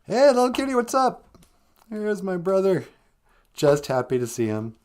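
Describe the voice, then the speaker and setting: A man's voice: sing-song, moderate pace, darkish tone. A chatty, gossipy skunk as a man puts him on who greets eagerly, then scoffs at everyone else. His voice jumps well above the storyteller's own. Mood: cheery. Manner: high, eager and dismissive of others.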